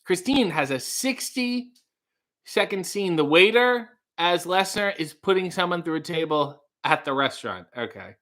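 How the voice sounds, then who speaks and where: A man hosting a comedy livestream who reads viewer comments and rambles off into quick, excitable asides. His voice is bright and sharp. It sits slightly higher than most men's.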